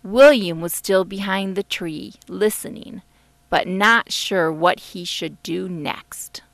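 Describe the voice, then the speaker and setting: A woman, the author, narrating her children's storybook in a gentle, expressive way. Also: medium pitch, slow, gravelly, no room sound. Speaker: author reading her book. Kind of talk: audiobook narration.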